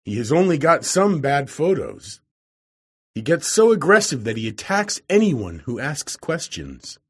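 A man voicing a brisk, wry middle-aged newspaper editor in a read-aloud story, with a husky voice. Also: fairly high pitch, very animated, voice pushed up, heavily acted.

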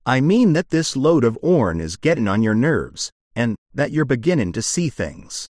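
A man's voice: mid-range voice, sing-song, moderate pace, darkish tone, no room sound. A man voicing a weary, skeptical frontier trail companion who talks bluntly and dismissively, in a dry close recording.

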